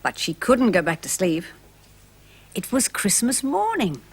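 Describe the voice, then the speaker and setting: A woman narrating a storybook for young children, gentle and expressive, asking the listeners questions. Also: medium pitch, a little slow, husky.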